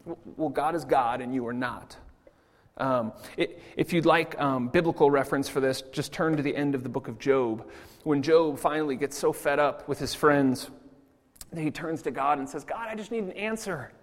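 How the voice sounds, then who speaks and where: A man preaching a sermon in a church, lively and quick to laugh at his own jokes. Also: medium pitch. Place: church sanctuary. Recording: long church hall reverb.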